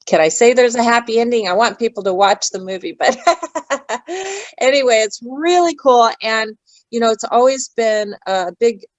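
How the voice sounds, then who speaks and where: Lively intonation marks this actress guest's fairly high voice as she talks at a moderate pace in a casual interview, drifting off and losing her thread. The recording has no echo and is low in quality.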